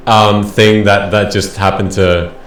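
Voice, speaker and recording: A man hosting a live tabletop game stream, making casual announcements in a rambling, halting way that keeps restarting phrases. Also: fairly low pitch, level tone. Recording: roomy echo, faint noise.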